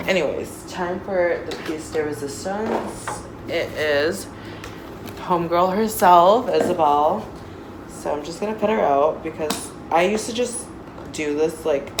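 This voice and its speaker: A woman in her thirties chatting casually through an unboxing, gushing and excitable, with lots of fillers, recorded on a phone. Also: deep voice, slow pace, background noise. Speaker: doll unboxing vlogger. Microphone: phone camera.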